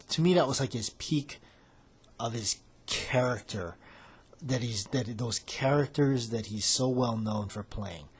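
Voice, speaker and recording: Husky man chatting about films. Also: medium pitch, a little mellow. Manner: rambling, loosely acting out quoted lines. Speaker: podcast host. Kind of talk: casual chat, retelling film scenes.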